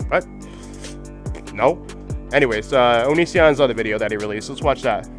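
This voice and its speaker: A man's voice: medium pitch, moderate pace, pauses often, music in the background. A man hosting a livestream, talking in a blunt, heated and profane casual way. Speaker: livestream host.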